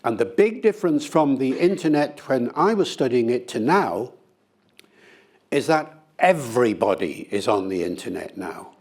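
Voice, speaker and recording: Older man explaining with animated flair. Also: medium pitch, moderate pace, breathy edge. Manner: animated, lively storytelling with playful demonstrations. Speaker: linguist being interviewed. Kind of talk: conversational interview answer.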